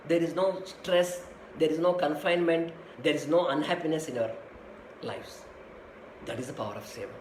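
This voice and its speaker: A man's voice: a little high, slight background noise. Man giving an echoey spiritual talk. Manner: repetitive, addresses listeners as dear ones and beta. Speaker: spiritual teacher. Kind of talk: sermon.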